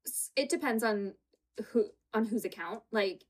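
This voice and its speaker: Woman podcast co-host, fairly high voice, giggly, chatty recap delivery. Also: unhurried, breathy edge. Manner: giggly, retells scenes with quoted voices. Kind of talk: casual chat recapping a reality show. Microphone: home setup with green screen.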